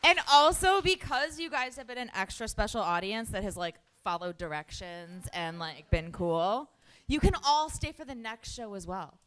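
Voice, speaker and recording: A woman's voice: medium pitch, expressive, measured pace, a bit bright, slight background noise. A woman hosting a comedy show on a theater stage, bubbly and playful as she introduces the acts.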